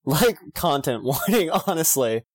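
A co-host in a relaxed recap conversation, with a mid-range voice. The delivery is loose and easygoing, full of quick laughs and casual swearing. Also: mid-range voice, breathy edge, dry recording. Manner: laid-back, swears freely, laughs often. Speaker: podcast co-host.

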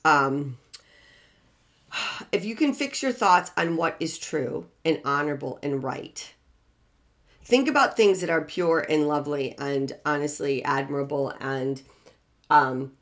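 A middle-aged woman with a somewhat low voice hosts a relationship podcast. She talks in a motivational, preachy manner. She is emphatic and repeats key phrases for weight. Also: expressive, unhurried, pauses often, a bit bright.

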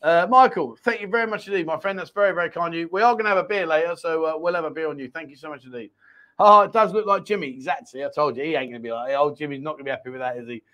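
A man's voice: on the high side, a bit bright. A man hosting a live chat show, reading out viewer comments with teasing, jokey banter. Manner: jokey, teasing, quick laughs. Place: Pattaya, Thailand.

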